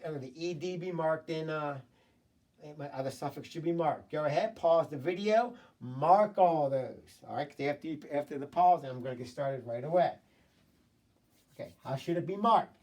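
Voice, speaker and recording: A man teaching a recorded phonics lesson to children, prompting them, praising answers and sounding out words slowly. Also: fairly high pitch, darkish tone, distant mic.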